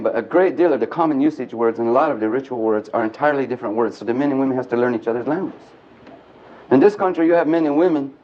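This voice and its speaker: A man giving an animated storytelling lecture to a live audience at a men's gathering, joking and speaking bluntly. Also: mid-range voice, a little hiss or hum. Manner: animated and earthy, mixing jokes and blunt language. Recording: dull lo-fi archive tape.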